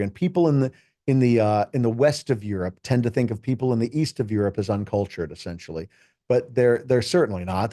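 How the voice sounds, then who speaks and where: A middle-aged man speaks as an interview guest, his voice mellow and relaxed. He tells stories with real enthusiasm and acts out the quotes. The recording is dry and close, with no room sound. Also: lowish voice, no room sound. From United States. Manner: enthusiastic, animated storytelling with acted quotes. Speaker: keynote speaker and juggler. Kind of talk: casual interview conversation.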